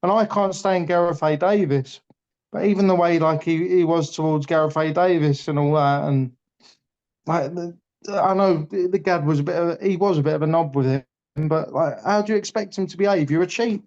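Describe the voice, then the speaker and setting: A fired-up man talking boxing in casual chat, blunt and quick to swear. His voice sits a touch high for a man. The recording is dull and lo-fi. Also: a little mellow. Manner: blunt, passionate, swears freely. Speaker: boxing pundit. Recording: dull lo-fi audio.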